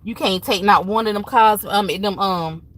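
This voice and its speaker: A woman's voice: mid-range voice, moderate pace. A woman hosting a live stream, talking casually and earnestly to her viewers, telling family stories in a heartfelt, preachy way. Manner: heartfelt, preachy storytelling with Southern Black church phrasing.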